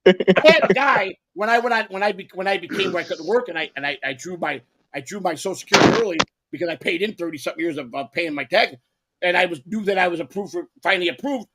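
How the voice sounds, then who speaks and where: A man's voice: high voice, fast, over a noisy crowd. A man, telling rambling, profane stories on a casual podcast with lots of stammered restarts. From Chicago. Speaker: guest storyteller.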